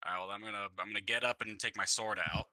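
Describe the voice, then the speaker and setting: A man's voice: on the low side, fairly even intonation, rapid-fire, pushed and bright, no echo. A man playing a tabletop game, talking casually and hesitantly about his next move. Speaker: player.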